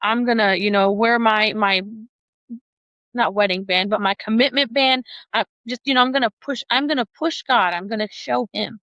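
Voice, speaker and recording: Woman telling a personal story, high voice. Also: moderate pace, no room sound, dull audio. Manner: animated, laughing often, acts out quoted voices. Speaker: podcast guest.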